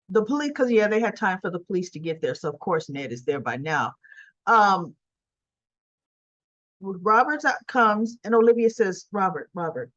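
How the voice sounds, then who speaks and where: A woman's voice: medium pitch, highs cut off. A woman giving a chatty, casual daily recap of a soap opera episode. She laughs often and acts out the characters' lines.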